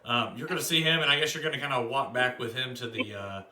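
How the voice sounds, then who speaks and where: A man's voice: medium pitch, steady tone, quick pace, sharp tone. A man narrating as dungeon master in a loose, laughing, casual way. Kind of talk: narrating a tabletop game. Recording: roomy mic with faint noise.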